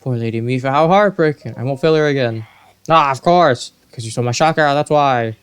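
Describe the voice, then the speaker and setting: A man's voice: mid-range voice, fairly quick, smooth, lightly acted. A man voicing a hot-headed, vengeful young male fish-folk guard in a video game, speaking in an accusing way. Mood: indignant. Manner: accusing, indignant.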